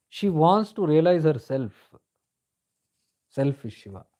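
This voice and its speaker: A man's voice: fairly high pitch, very animated, slow, mellow. A man giving a reflective spiritual discourse, telling stories in a conversational way and slipping into Hindi phrases. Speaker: spiritual teacher.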